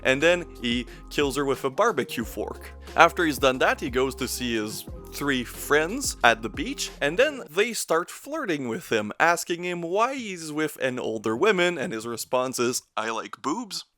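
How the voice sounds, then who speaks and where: A man's voice: on the high side, big pitch swings, a little slow, hardly any pauses, pushed and bright, faint music behind. A man narrating a casual, joking movie review in a sardonic tone. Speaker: film reviewer.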